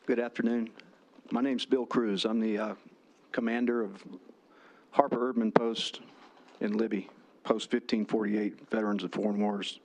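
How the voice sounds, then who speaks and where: A man testifies before a legislative committee in a low, flat voice. His delivery is earnest and steady, with a few fillers as he reads from notes. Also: normal speed, gravelly. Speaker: veterans' post commander testifying. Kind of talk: prepared testimony. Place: legislative hearing room.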